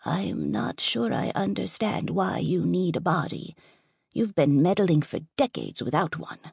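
In an audiobook, a woman puts on a gravelly, breathy fairy godmother, an older woman who is sharp and exasperated. She talks slowly and her lowish voice swoops up and down. The sound is dry and close. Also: very animated, dry recording, heavily acted. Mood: indignant. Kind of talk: audiobook character voice.

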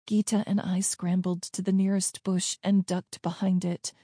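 Female narrator, warm low-lit tone, tense hushed storytelling, dry booth sound. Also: flat delivery, normal speed, dry recording. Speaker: audiobook narrator. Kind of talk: scripted first-person story narration.

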